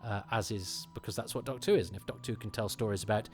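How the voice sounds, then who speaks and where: A middle-aged man from England hosts a podcast, talking rapid-fire in a lowish voice over faint background music. His chat is casual and meandering, riddled with fillers, restarts, and self-interruptions.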